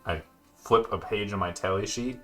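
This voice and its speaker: A man's voice: lowish voice, moderate pace, fairly bright tone, faint music behind. A man playing in a tabletop game, asking dry, probing questions. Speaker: player. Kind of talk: tabletop role-play.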